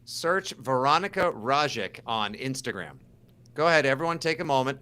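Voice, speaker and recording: A man's voice: medium pitch, normal speed. A man with a Boston accent co-hosting a casual sports podcast, sarcastic and theatrical. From South Shore of Boston. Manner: animated, sarcastic, theatrical outbursts. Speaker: podcast co-host.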